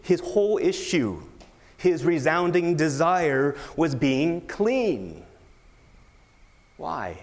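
A man's voice: fairly high pitch, very animated, drawn-out words, long pauses, in a large hall. A man preaching a sermon, emphatic, with rhetorical questions. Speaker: pastor.

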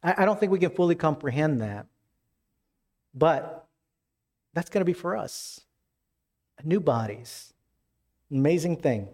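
A pastor preaching a sermon, animated and casual, rising with excitement as he retells scripture scenes. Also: measured pace, long pauses. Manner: animated, rises in pitch when retelling scenes.

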